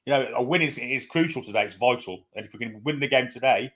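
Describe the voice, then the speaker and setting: A man co-hosting a casual live stream, talking quickly and opinionatedly and often asking for agreement. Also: medium pitch, fairly bright tone. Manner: rapid, opinionated, asks for agreement. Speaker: co-host.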